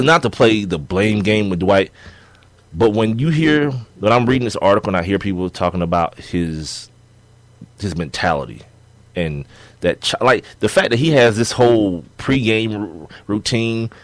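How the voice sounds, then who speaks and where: A young man co-hosting a sports podcast in casual chat, animated and laughing as he argues his points. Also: lowish voice, no room sound. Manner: animated, laughing, acts out players' quotes.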